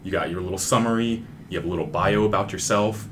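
A man's voice: low voice, quick pace, a bit bright, slight background noise. A man, a novelist seeking an agent, talking in a laid-back, matter-of-fact way. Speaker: novelist guest. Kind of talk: casual panel discussion.

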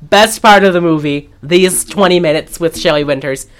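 A woman's voice: fairly low pitch, normal speed. A young woman co-hosting a podcast, casually recapping a movie and acting out the characters' lines in exaggerated voices. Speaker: podcast co-host.

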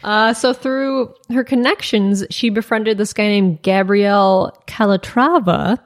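A young woman co-hosting a casual chat, telling a story in a chatty way full of "like" fillers. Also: mid-range voice. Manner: chatty, frequent "like" fillers, quick asides. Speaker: podcast co-host.

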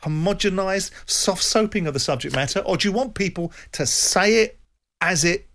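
A man arguing as a radio pundit, forceful, firing rhetorical questions. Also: high-pitched, moderate pace. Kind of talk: opinionated debate.

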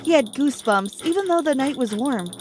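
A young woman narrating a first-person story, acting out the quoted lines with a rising pitch. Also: expressive, brisk, darkish tone, slight background noise.

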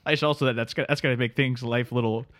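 Doing a comedy bit on a podcast, a man plays a friendly, easygoing Canadian buddy with a put-on accent, calling everyone "buddy" and ending lines with "eh." His natural, fairly bright voice sits at medium pitch with a steady tone, racing along cheerily as he rambles and apologizes.

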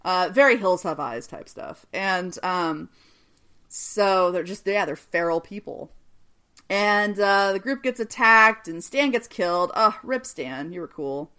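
A woman's voice: on the low side, lively intonation, measured pace, pushed and bright, smooth. A woman co-hosting a podcast, recapping a TV episode in casual chat, swearing often and laughing a lot. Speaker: podcast co-host.

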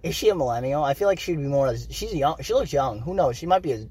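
A man co-hosting a casual movie review podcast, laughing and swearing through excited banter. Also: a little high, fast talker, slight background noise. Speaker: podcast co-host.

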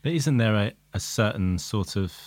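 A man's voice: lowish voice, expressive, moderate pace, darkish tone, no room sound. A man co-hosting a casual conversation, asking thoughtful questions and searching for the right words.

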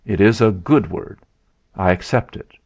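A man voicing a calm imposing mountain man, low, level, gravelly, deep. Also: measured pace, no room sound. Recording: dull lo-fi sound.

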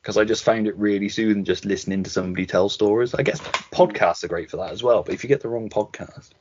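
A man's voice: on the low side, fast, muffled recording, background noise. A man co-hosting a podcast over a video call, chatting candidly, swearing and laughing through his stories. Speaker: podcast co-host.

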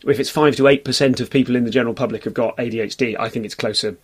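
A comedian in his forties chats casually on a podcast, rambling and self-deprecating, and briefly mimics the voices of people he quotes. His mid-range voice is steady in tone but rapid-fire.

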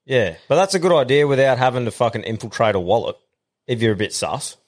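A man's voice: medium pitch, fast talker. A man with an Australian accent hosting a podcast, telling sweary yarns in casual chat. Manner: swearing, storytelling, animated yarns. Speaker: podcast host.

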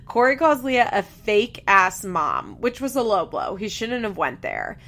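Young female podcast host, casual and opinionated, mid-pitched, laughs easily. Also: wildly swooping pitch, unhurried, vocal fry, fairly bright tone. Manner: chatty, opinionated, laughs often, lots of "like". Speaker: podcast host recapping a reality show. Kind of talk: casual recap chat.

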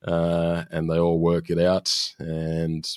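Man, very deep voice, podcast co-host, casual recap, laughs often, dry sound. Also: monotone, takes it slowly, dark tone, dry recording. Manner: chatty, laughs often, many fillers. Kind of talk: casual chat, recapping an episode.

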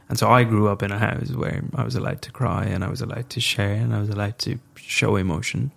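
A man's voice: on the low side, fairly even intonation, brisk, gravelly, hardly any pauses. A young man telling a personal story as a podcast guest, frank and reflective, swearing casually.

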